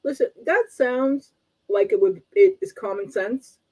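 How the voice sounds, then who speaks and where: A woman's voice: medium pitch, a little slow, a little mellow, rough recording. A woman from Canada co-hosting a relationship talk show as a coach, wry and politely blunt, often laughing. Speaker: co-host and coach.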